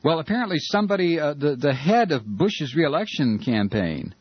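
An American man hosts a political call-in radio show. His pitch swings widely through heated, sarcastic talk with many fillers. The voice is husky and the sound is dull and dry, like an old radio broadcast. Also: very animated, moderate pace, no echo. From United States. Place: Georgia, United States.

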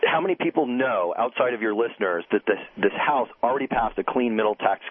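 A man's voice: medium pitch, animated, fast, dry recording. A man giving blunt, opinionated political commentary as a radio guest. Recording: phone-like line.

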